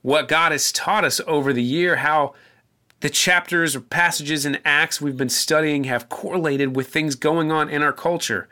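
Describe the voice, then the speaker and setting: A man's voice: mid-range voice, bright, forceful tone. A man, a pastor, giving a conversational sermon, telling stories with small restarts and then reading scripture aloud.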